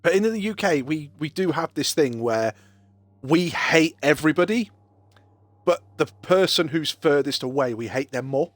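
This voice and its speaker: A man from England with an English accent and a slightly high voice talks at a normal speed, with no room sound. He's a streamer chatting casually while gaming, animated and swearing as he spins banter-heavy stories.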